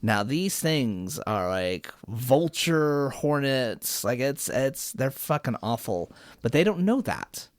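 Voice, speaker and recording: A man hosts a casual podcast chat, telling the story with lots of swing in his pitch and a loose, profane delivery. The sound is dry and close, with no room around it. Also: takes it slowly, hardly any pauses, no room sound. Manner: animated, profane retelling of a cartoon plot. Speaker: podcast host.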